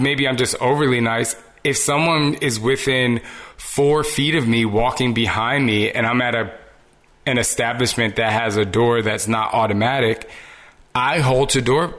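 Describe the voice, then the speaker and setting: A man's voice: medium pitch, a bit bright. A man hosting a solo podcast, talking earnestly and conversationally about everyday decency, sometimes acting out little exchanges. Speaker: podcast host. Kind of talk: solo motivational podcast talk.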